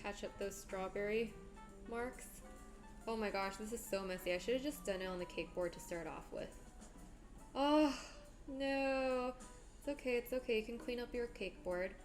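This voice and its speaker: A fairly high-voiced woman is cooking on a live stream in her home kitchen, jittery and coaching herself out loud. Soft music plays in the background and dishes clatter. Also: normal speed. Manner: nervous, talks herself through each step; reads out viewer chat messages.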